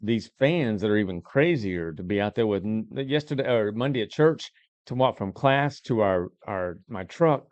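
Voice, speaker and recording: A man's voice: fairly low pitch, animated, moderate pace, a little mellow, no room sound, muffled recording. A man hosting a live local talk show, easygoing and rambling. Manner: easygoing, rambling, restarts often. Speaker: host.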